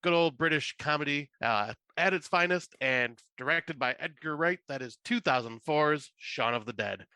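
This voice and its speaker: Man, podcast co-host, bright tense voice, fairly high, rambling casual chat, swearing, dry close sound. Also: normal speed, hardly any pauses, clean tone, no room sound. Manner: rambling, restarts often, swears, laughs a lot.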